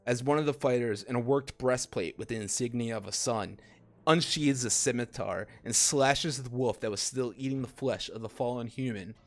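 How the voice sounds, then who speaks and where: A man narrating a tabletop fantasy game as game master, with fillers in between. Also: medium pitch.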